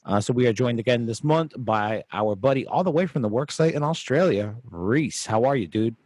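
A man's voice: mid-range voice, moderate pace, breathy edge, no room sound. Casual man hosting a podcast. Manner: relaxed, rambling, with many fillers. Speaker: podcast host. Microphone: video call microphone.

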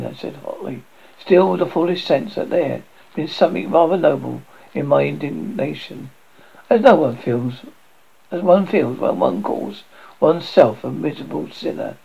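A man with a gravelly, husky voice giving a theatrical reading of a classic horror story, stumbling and restarting now and then. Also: fairly high pitch, expressive, moderate pace, lo-fi sound.

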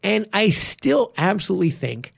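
A man's voice: high voice, creaky, slightly rough, no echo, studio quality. A man who coaches martial arts and co-hosts a podcast, talking casually and with animation, swearing freely. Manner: animated, swears freely, quick bursts of enthusiasm. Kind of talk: casual chat.

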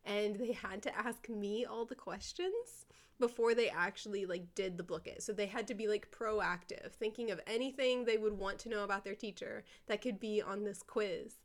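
A woman's voice: medium pitch, normal speed. A young woman, an elementary school teacher, telling classroom stories in a casual chat, often giggling. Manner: giggly, animated storytelling with quoted kids.

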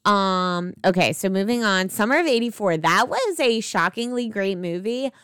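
Young woman podcast host, rambly, lots of ums, super clear voice. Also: medium pitch, animated, moderate pace, fairly bright tone, no echo, studio quality. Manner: chatty, rambling with many fillers and swearing. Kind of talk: casual chat about movies.

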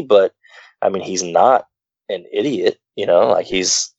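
A man's voice: sits low, measured pace, vocal fry, darkish tone, husky, dry recording, dull audio. A man co-hosting a casual political chat, rambling with many fillers and restarts. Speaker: podcast co-host.

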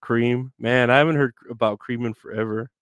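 Smooth-voiced man rambling on a live stream. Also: medium pitch, fairly even intonation, moderate pace, a bit bright, dry recording. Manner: rambling, joking, breaks into sung snippets.

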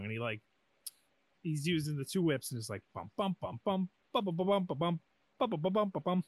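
A man, co-hosting a podcast and telling a lively, jokey story in casual chat, acting out quotes. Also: fairly high pitch, moderate pace, no echo. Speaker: podcast co-host.

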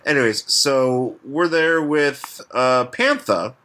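A man's voice: medium pitch, slow, pushed and bright, slight background noise. Rambling man co-hosting a comic chat. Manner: rambling, many fillers, swears casually. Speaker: podcast co-host. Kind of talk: casual comic-book chat.

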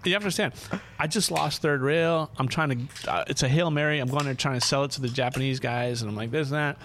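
A man's voice: fast, slight background noise. A man hosting a podcast, telling a rowdy road-trip story in casual chat, acting out quotes with sudden jumps in voice and frequent laughter. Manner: animated, profane, acts out quotes with big pitch jumps and laughs.

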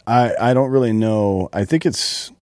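A man co-hosting a podcast, reading memes and captions aloud in a relaxed, casual way. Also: lowish voice, unhurried, no echo, studio quality. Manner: laid-back, reads memes and captions aloud. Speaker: podcast co-host. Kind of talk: casual chat.

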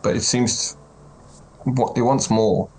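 A man playing a character at a tabletop game, talking in a halting way with many fillers. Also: medium pitch, fairly even intonation, darkish tone, breathy edge, poor audio. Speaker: player. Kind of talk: casual tabletop role-play.

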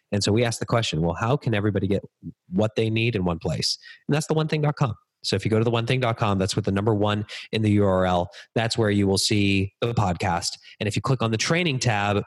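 Energetic man telling a story. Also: fairly low pitch. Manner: energetic, acts out quoted dialogue. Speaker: podcast guest, business speaker. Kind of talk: conversational storytelling interview.

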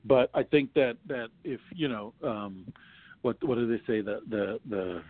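An unhurried man with a mid-range voice, an actor from New York, chats as a guest in an easygoing interview. His anecdotes wander, with frequent restarts and laughter, and the audio has a tinny phone quality.

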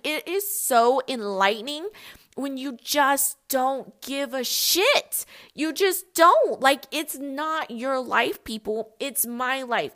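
A woman's voice: fairly high pitch, pushed and bright. A young woman hosting a podcast, giving a casual motivational talk in a blunt, emphatic way and swearing freely. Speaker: podcast host.

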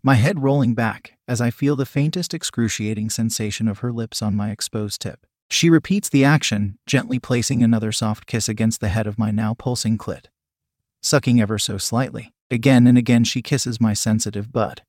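A man reading a first-person story aloud in a steady, even manner. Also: mid-range voice, normal speed, no room sound, studio quality. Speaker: audiobook narrator.

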